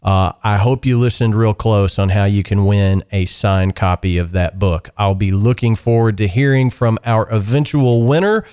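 Male podcast host, slightly low voice, upbeat and friendly sign-off. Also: moderate pace, hardly any pauses, darkish tone, clear, resonant tone. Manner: upbeat, friendly, many "uh" fillers. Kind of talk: casual podcast outro and sign-off.

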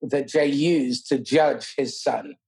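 A woman's voice: a bass voice, steady tone, slow pace, creaky, a little mellow, breathy edge. A middle-aged woman hosting an interview, asking playful questions of her guest. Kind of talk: casual interview.

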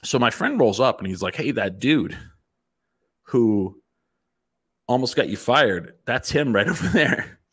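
A middle-aged man telling a profane, animated story in casual chat as a host. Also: medium pitch, measured pace, long pauses, slightly rough.

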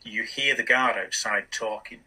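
A man's voice: fairly low pitch, sharp tone, slightly rough, distant mic, poor audio. Man game-mastering with restarts. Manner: halting, many restarts. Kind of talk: narrating a tabletop game.

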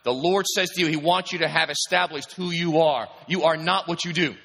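A man preaching a sermon in an emphatic, animated way, often pausing to ask his listeners if they understand. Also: fairly high pitch. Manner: emphatic, repeatedly asking "do you understand?". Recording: long hall reverb.

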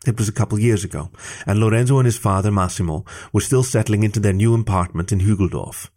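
A man narrating a story in a calm, even reading voice. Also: lowish voice.

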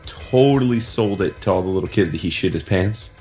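A man co-hosting a podcast, telling a crude story in an animated, casual way and swearing freely. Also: sits low, a little fast, faint music behind. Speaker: podcast co-host.

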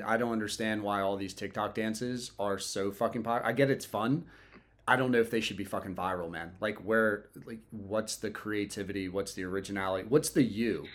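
A man hosting a podcast in casual chat, blunt and heated, swearing a lot. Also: fairly low pitch. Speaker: podcast host.

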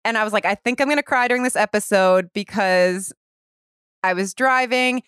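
A woman's voice: mid-range voice, normal speed, a bit bright, smooth, no room sound, clean studio sound. A woman in her thirties hosting a podcast, talking animatedly and openly, with swearing and laughter. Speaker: podcast host. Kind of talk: casual chat.

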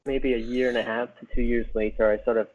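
Here the same kind of UK author and podcast guest speaks quickly in a mid-range, slightly mellow voice with flat delivery. He rambles through casual conversation with plenty of fillers and false starts, over thin, phone-like call audio.

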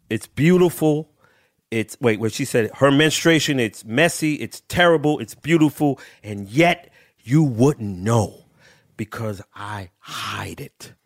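A man's voice: medium pitch, dry recording, studio quality. A man co-hosting a podcast in a laid-back, casual way. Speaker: podcast co-host.

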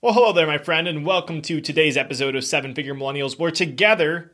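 A man's voice: a little high, quick pace, few pauses. A young adult man hosting a podcast, talking straight to his listeners in an enthusiastic, upbeat way. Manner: enthusiastic, warm direct address to listeners. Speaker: podcast host. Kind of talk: upbeat scripted podcast intro.

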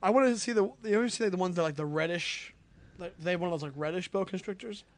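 A man's voice: sits high, fast. A man, a comedian guest on a podcast, chatting casually and often hunting for words. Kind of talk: casual chat.

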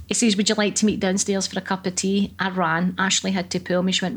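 A woman's voice: fairly low pitch, quick pace, few pauses. Sweary Scottish woman telling stories. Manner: lively, profane storyteller. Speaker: comedian guest. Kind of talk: casual chat.

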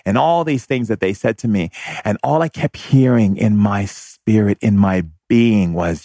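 A man telling a personal childhood story as a monologue, animated and laughing as he recalls it. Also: on the low side, moderate pace, no echo.

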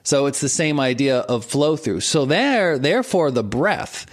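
With a medium-pitched voice and a somewhat slow delivery, a man coaching entrepreneurs discusses breath and intention. It feels like a relaxed conversation, full of chuckles and repeated words as he thinks aloud.

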